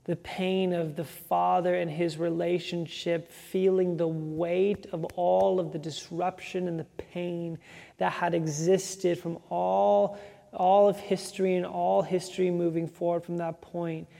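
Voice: medium pitch, flat delivery, unhurried, vocal fry, mellow, in a large hall. A preacher delivering an emphatic sermon built on rhythmic repetition.

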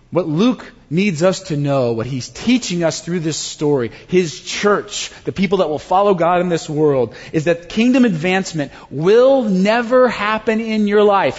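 A male pastor delivers a sermon, swinging between forceful emphasis and hushed near-whispers. His voice sits high and husky and swoops widely in pitch. The sound is muffled and rings with a long hall reverb. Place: church sanctuary.

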